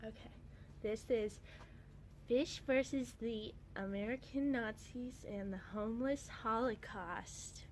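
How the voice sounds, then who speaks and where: Slow, deadpan young woman. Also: a little high, slight background noise. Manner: deadpan, wry, unhurried. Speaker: comic artist reading to her cat. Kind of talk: casual chat.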